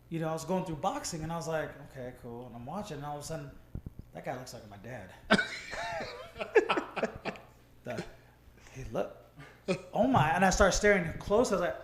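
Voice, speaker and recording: A man's voice: a little high, lively intonation, moderate pace, pauses often, a bit bright, slight background noise. A young man co-hosting a podcast, telling a story animatedly, laughing often and acting out what people said. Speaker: co-host. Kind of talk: casual podcast chat. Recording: echoey room.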